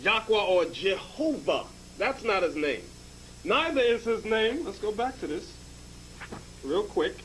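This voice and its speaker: A man's voice: sits high, sing-song, measured pace, a bit bright, a little hiss or hum, rough recording. A man teaching in a lecture style, emphatic and checking in with the class by asking "okay?".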